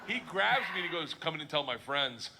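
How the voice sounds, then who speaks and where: A man performing stand-up, telling a story with animated delivery and laughing asides, from a clip played on a stream. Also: on the high side, fairly quick, gravelly, crowd noise, background noise. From Florida, US. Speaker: stand-up comedian.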